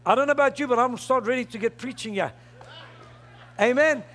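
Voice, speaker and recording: A male pastor preaching a fervent sermon, often rising into shouts. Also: very high voice, brisk.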